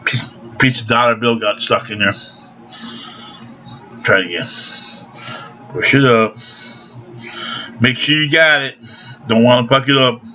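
A man's voice: medium pitch, measured pace, pauses often, pushed and bright, soft background music. An older man delivering a rambling, profane, aggrieved rant into a home video camera. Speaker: vlogger. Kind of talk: angry ranting monologue. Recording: dull lo-fi home video sound.

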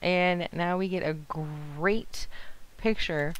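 A young woman hosting a let's play, chatting casually and excitedly, talking back to the characters on screen. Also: on the low side, slow pace, smooth. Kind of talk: casual gameplay commentary.

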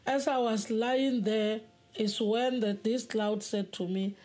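A woman giving a spoken testimony in an earnest, halting way, often repeating words. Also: a little high, fairly even intonation, a little mellow. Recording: faint music behind.

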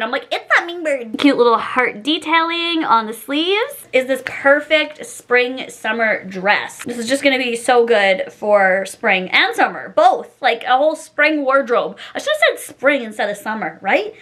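A woman's voice: high-pitched, fairly bright tone. A young woman in her twenties chatting casually through a clothing try-on haul, bubbly and giggly, rambling with lots of "like" and "um". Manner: bubbly, giggly, rambling with many likes and ums. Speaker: fashion vlogger.

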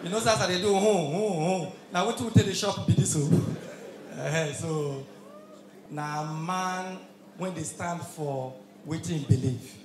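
A man's voice: a little high, unhurried. A Nigerian man doing stand-up comedy as an MC, belting punchy lines and humming between them at a live event. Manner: punchy, shouted lines with hums and laughs between. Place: live event hall with audience. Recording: echoey hall, crowd noise.

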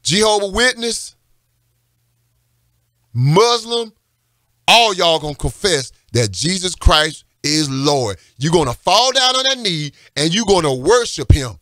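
Fervent, bright-voiced radio preacher. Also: male voice, sits high, lively intonation, slow pace, no echo, clean studio sound. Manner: fervent, repetitive, rising to emphatic calls. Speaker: radio pastor and host. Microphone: studio microphone.

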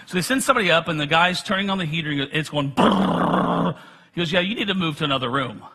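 Middle-aged guy preaching, bright husky voice, chatty and jokey about himself. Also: a little high, expressive, very fast. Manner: conversational, self-deprecating humor, frequent restarts. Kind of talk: sermon with personal stories.

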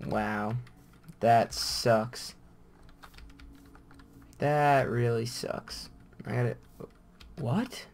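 A man's voice: mid-range voice, drawn-out words, pauses often, slight background noise. A man giving casual gameplay commentary, rambling and thinking aloud as he plays. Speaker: gamer.

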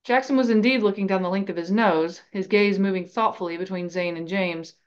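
A woman podcast host reading a fan novel aloud in an even, steady storytelling voice, on a slightly dull recording. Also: medium pitch, a little fast, clean tone.

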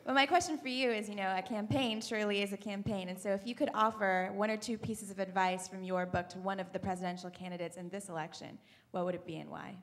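A woman's voice: mid-range voice, steady tone, fast talker. A young woman in the audience, friendly and casual, asking a guest for advice. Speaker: audience questioner. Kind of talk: question from the floor.

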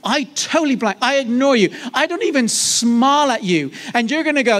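A man preaching to a church congregation in a lively, conversational way, joking and asking the audience questions. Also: very high voice, fairly quick, hardly any pauses. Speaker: guest preacher. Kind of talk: sermon. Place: church service.

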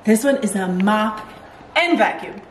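A woman's voice: medium pitch, lively intonation, unhurried, a little hiss or hum. Chatty woman on a distant camera mic. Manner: chatty, rambling, laughs often. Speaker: fitness vlogger showing purchases. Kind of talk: casual haul vlog. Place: at home, indoors.

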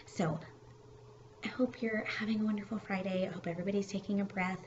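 Woman, kindergarten teacher, casual teaching video, chatty with fillers, mid-pitched voice, faint hiss. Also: brisk, dull audio. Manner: chatty, relaxed, with fillers and restarts. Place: at home.

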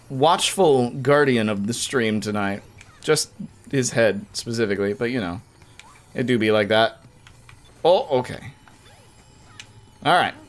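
Animated young man streaming a game. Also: mid-range voice. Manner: animated, jokey, quick outbursts of frustration at the game. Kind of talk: casual live-stream commentary.

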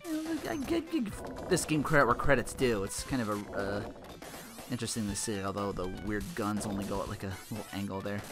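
A man's voice: fairly low pitch, big pitch swings, a little fast. A man giving casual, rambling gameplay commentary, cursing freely and cracking jokes as he plays. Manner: rambling, profane, joking asides. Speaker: let's play host. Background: game music.

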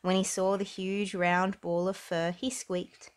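A woman narrating a children's storybook aloud in an expressive, unhurried way. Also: mid-range voice. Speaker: storybook reader.

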